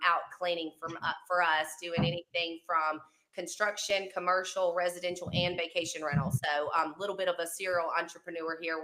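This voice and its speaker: Woman, Southern Mississippi accent, chatty storyteller, fillers, lowish pitch, bright tone. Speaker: cleaning company owner, guest. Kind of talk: casual panel chat.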